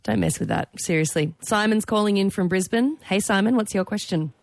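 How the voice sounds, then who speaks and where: A woman's voice: medium pitch, brisk, creaky, dry recording. Laughing woman radio host. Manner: lively, laughs easily. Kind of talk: call-in radio hosting. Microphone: studio microphone.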